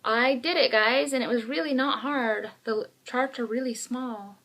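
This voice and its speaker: Brief: woman, 30s, podcast co-host, lively and candid storyteller with a somewhat high voice. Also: normal speed. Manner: chatty, animated storyteller, frank and self-mocking. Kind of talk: casual chat.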